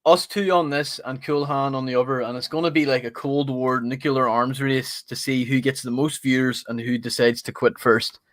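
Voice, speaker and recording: A man's voice: mid-range voice, steady tone, normal speed, few pauses, a bit bright, dry recording. A man co-hosting a livestream, joking and bantering with viewers. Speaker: livestream co-host. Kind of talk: casual livestream chat.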